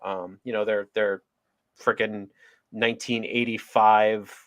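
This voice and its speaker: A man co-hosting a casual TV review chat, excitedly spinning theories and tripping over his words. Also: fairly low pitch, takes it slowly, dry recording. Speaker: podcast co-host.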